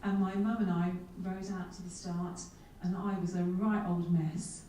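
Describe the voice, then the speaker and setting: A woman with a lowish voice speaks unhurriedly as a keynote speaker, telling lively, self-mocking stories with comic asides in a large conference hall. The mic is far from her, so the room echoes, and there's a slight hiss or hum.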